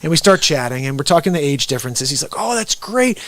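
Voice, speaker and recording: A man hosting a talk show, telling stories in a lively way and acting out the voices of the people in them. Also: mid-range voice, fast talker, no room sound. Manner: animated storyteller, acts out the people in his stories. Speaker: host. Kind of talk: casual talk show conversation.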